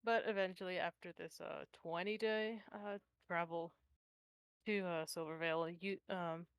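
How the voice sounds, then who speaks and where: A woman's voice: lowish voice, fairly even intonation, moderate pace, clear, resonant tone, dry recording. A woman running a tabletop game as game master, narrating hesitantly with many fillers.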